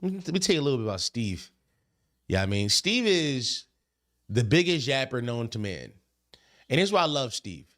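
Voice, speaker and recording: A man hosting a podcast, telling stories in a casual, animated, profane way, often repeating himself. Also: medium pitch, normal speed, long pauses. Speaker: podcast host. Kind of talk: casual storytelling chat.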